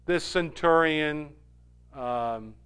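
A man preaching a sermon, animated, dropping to a hush and rising loud when he acts out quoted lines. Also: on the high side, very slow, smooth. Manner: animated, swings from hushed to loud when quoting. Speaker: pastor.

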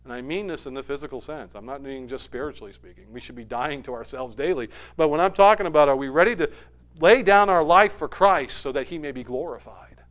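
A man with a high-pitched voice delivers a sermon as a pastor. He swings from loud, emphatic peaks to quiet, low asides. He asks rhetorical questions and repeats key phrases for weight. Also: fast.

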